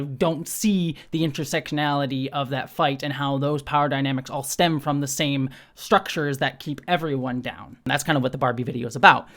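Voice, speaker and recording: A woman hosting her own channel, talking through a criticism in an unscripted, reflective way, with lots of fillers. She often speeds up or slows down, and her voice jumps up on words she stresses. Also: low voice. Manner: thoughtful, self-questioning, talks through ideas with frequent fillers. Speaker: channel host.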